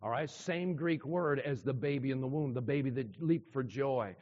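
A man's voice: medium pitch, normal speed. A man preaching a sermon to a congregation, emphatic, repeating key phrases and asking the listeners questions. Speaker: pastor. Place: church hall with a congregation. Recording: dull sound with long hall reverb.

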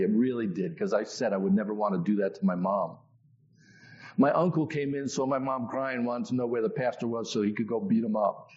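A man telling his own testimony in a sermon, in a conversational, animated storytelling way. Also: mid-range voice, muffled recording. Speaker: preacher.

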